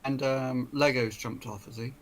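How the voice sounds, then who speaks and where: A man's voice: medium pitch, steady tone, normal speed, poor audio. Brief: male player, plain voice, faint background hum. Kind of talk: casual tabletop play.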